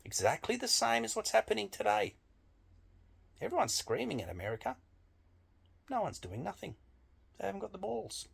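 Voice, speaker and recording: A man's voice: high-pitched, wildly swooping pitch, moderate pace, vocal fry, long pauses, breathy edge. A man delivering a blunt, emphatic opinion monologue with frequent swearing. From Australia. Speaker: political commentator.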